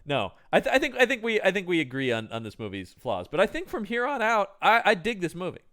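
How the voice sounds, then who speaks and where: A man's voice: high-pitched, wildly swooping pitch, quick pace, bright, forceful tone. A man co-hosting a casual film review podcast, chatty and full of cast trivia and jokes. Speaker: podcast co-host.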